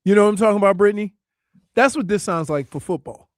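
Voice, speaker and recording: A man co-hosting a sports talk radio show, chatting in an excitable, teasing way. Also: high voice, fast talker, no room sound, clean studio sound. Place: radio studio.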